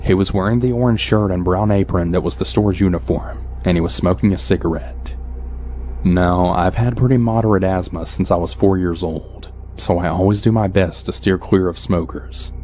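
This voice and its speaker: Deep-voiced man narrating a horror story. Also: fairly even intonation, normal speed. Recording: soft background music.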